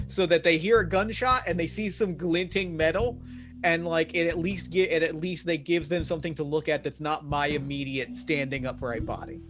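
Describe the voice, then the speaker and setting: A man with a slightly high voice describing his character's actions in a tabletop game. He rambles and restarts as he thinks aloud. Faint music runs behind him. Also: fairly even intonation, normal speed. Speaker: player.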